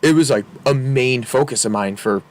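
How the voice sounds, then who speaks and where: A man's voice: medium pitch, normal speed. A man in his twenties, a podcast guest telling a story casually, rambling and candid with lots of fillers. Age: 20s. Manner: rambling, candid, laughs often, many fillers.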